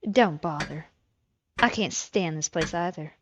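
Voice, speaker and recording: A woman's voice: sits low, a little slow, background noise. A woman streamer voicing a sassy, guarded Southern housewife in a put-on country drawl. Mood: dry. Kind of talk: voicing a game character while streaming.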